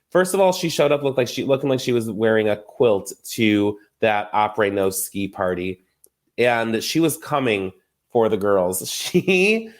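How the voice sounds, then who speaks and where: A young adult man hosting a casual recap podcast, gossipy and chatty, often laughing and acting out quotes. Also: mid-range voice. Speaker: podcast host.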